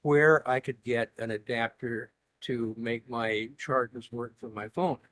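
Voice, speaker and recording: A man's voice: mid-range voice, measured pace, a bit bright. Dry-humored man telling rambling stories. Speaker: interview guest. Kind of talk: casual conversation.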